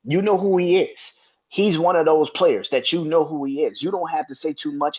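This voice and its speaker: A man's voice: fairly high pitch, moderate pace, darkish tone, dull audio. Profane, heated sports podcast man. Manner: profane, heated, repeats himself when worked up. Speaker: podcast host. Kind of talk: casual sports rant.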